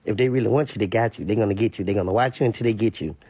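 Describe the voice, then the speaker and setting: A man giving casual street commentary to camera, animated and repetitive, sometimes mimicking others in a high voice. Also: racing, breathy edge, no echo.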